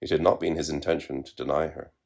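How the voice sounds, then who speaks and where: A man narrating literary fiction in a measured, wry reading. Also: extremely low pitch, level tone, gravelly, a little mellow.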